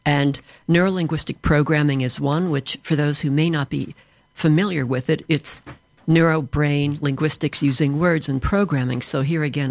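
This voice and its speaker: A man's voice: fairly high pitch, vocal fry, no room sound. A man from Chicago with an American accent, answering interview questions in a fluent, explanatory way as an author and trainer. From Chicago, USA.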